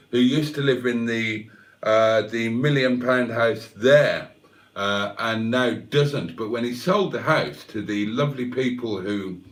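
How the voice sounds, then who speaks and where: On a casual livestream, a male host with a medium-pitched voice tells a wry, rambling story full of self-mocking asides. The mic sounds distant.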